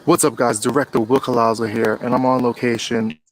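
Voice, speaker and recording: Excited man pitching his film outdoors. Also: a little fast, a little hiss or hum, poor audio. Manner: excited, upbeat. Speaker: film director. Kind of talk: crowdfunding pitch video. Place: outdoors in woods.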